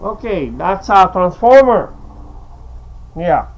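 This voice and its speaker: A man's voice: high voice, very animated, takes it slowly, low-quality recording. A man talking in a rambling, hesitant way, full of fillers, in a casual home vlog. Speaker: home video maker.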